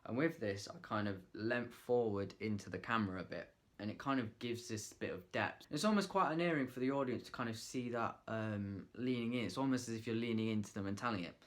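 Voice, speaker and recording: A man's voice: fairly low pitch, a little fast, few pauses. A man talking casually to camera, giving acting tips in a loose, chatty way with lots of fillers, trying out lines in different ways. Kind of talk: casual vlog tutorial.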